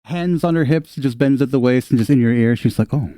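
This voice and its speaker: A man's voice: medium pitch, a little fast, mellow, smooth, no echo. A man narrating as game master in a playful, laughing way.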